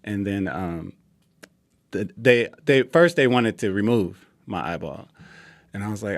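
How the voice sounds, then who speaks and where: Low-voiced man telling his story. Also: moderate pace, vocal fry, no echo. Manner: relaxed, acts out quoted dialogue. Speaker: interview guest. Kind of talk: casual personal storytelling.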